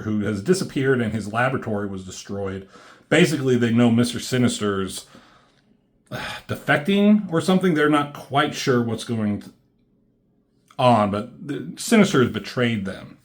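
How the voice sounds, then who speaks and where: Rambling, profane man reviewing comics. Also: mid-range voice. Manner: rambling and profane, many fillers like "um" and "like".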